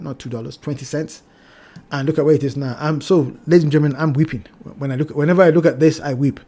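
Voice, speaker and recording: Man warning viewers over trading charts. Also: mid-range voice. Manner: cautionary, repeats phrases, addresses "ladies and gentlemen". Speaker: crypto trading channel host. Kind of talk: chart analysis talk.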